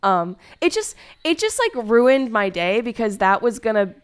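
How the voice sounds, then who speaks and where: Rambling young woman streamer, smooth voice. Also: fairly high pitch, big pitch swings, unhurried. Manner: rambling, hurt storytelling with many fillers and restarts. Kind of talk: casual stream chat.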